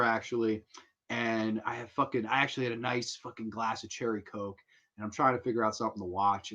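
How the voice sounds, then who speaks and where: A man hosting a casual livestream, excitable and profane, laughing often as he talks. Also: mid-range voice, highs cut off. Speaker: livestream host.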